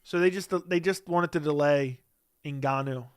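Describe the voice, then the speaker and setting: On a casual livestream, a man reads out chat messages and answers them bluntly and dismissively, taking his time. His slightly high voice is crisp and clear, recorded dry with no room echo.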